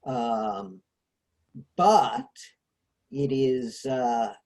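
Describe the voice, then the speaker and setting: Animated man explaining ideas, hesitant. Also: medium pitch, very slow. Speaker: host. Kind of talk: casual discussion.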